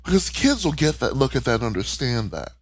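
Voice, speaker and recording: A man's voice: medium pitch, big pitch swings, brisk, dry recording. A man co-hosting a podcast, talking candidly and emotionally in casual chat, swearing freely. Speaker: podcast co-host. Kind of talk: casual chat recapping a cartoon.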